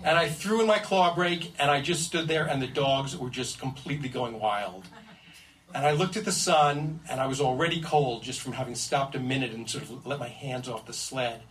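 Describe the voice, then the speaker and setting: A man's voice: mid-range voice, normal speed, a little hiss or hum. Man telling a story from a distance. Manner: animated, building comic suspense. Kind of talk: first-person storytelling to an audience. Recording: distant mic with faint ambience.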